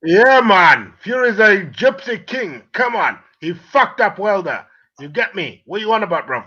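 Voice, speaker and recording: Caller: man, high, animated delivery, ranting and taunting in a heated stream argument. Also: normal speed, highs cut off. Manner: abusive, shouting insults, taunting.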